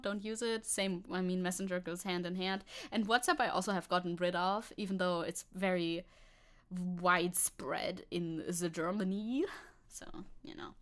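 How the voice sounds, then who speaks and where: A woman's voice: mid-range voice, a bit bright. A young woman streaming casually, reading news aloud and reacting with chatty, giggly asides.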